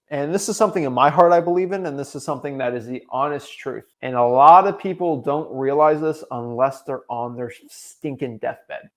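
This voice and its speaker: A young man coaching real estate wholesalers, delivering an emphatic, repetitive motivational talk. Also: fairly high pitch.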